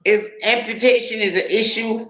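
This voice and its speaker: High bright-voiced man in an echoey room. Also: fairly even intonation, normal speed. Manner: loose, profane, repeats himself while telling stories. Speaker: vlogger. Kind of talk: casual storytelling to camera.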